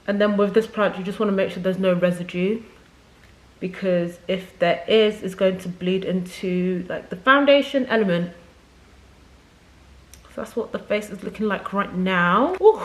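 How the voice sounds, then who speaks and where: A woman's voice: medium pitch, normal speed. A young woman beauty creator chatting casually to camera from a makeup setup at home, rambling and effusive.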